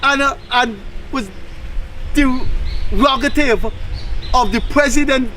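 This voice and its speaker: A man's voice: very high voice, slow pace, bright, forceful tone, a little hiss or hum. A man with a Guyanese accent hosting a casual political talk show, talking bluntly and scolding, acting out the voices he quotes. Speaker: host.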